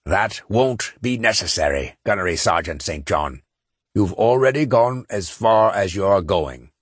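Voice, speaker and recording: A man's voice: on the low side, animated, a little slow, husky, no echo, studio quality. A man voicing a smug alien warlord who gloats over the comms in an audiobook.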